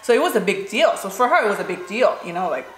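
A woman's voice: medium pitch, sing-song, fast talker. A Korean-born woman in her forties, a native Korean speaker, chatting casually and telling a story with lots of "you know" and "like". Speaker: vlogger. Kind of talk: casual storytelling during a mukbang. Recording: roomy room with faint background noise.

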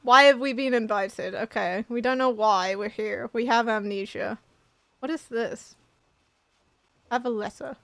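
A woman's voice: on the high side, a little slow, creaky, fairly bright tone, no room sound. A woman casually chatting and thinking aloud while playing a mystery game with a friend. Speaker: let's play streamer. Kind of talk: casual gaming chat.

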